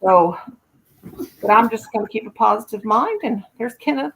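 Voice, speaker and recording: A woman's voice: on the high side, animated, normal speed, gravelly, fairly bright tone, rough recording. A middle-aged woman hosting a casual livestream chat, talking in a chatty, folksy way with rural turns of phrase. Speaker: channel host. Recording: faint background noise.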